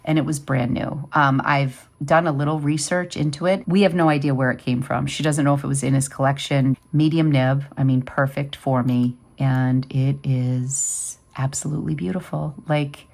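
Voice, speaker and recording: A woman's voice: rumbling low, steady tone, normal speed, vocal fry, a little mellow. A woman in her fifties hosting a vlog, chatting casually and rambling with lots of fillers. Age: 50s. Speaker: vlog host. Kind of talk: casual chat.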